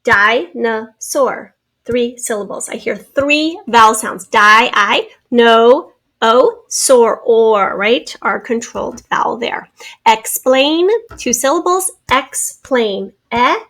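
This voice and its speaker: A woman teacher giving a spelling and phonics lesson, sounding out words slowly and carefully. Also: high voice, a bit bright. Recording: recorded lesson video.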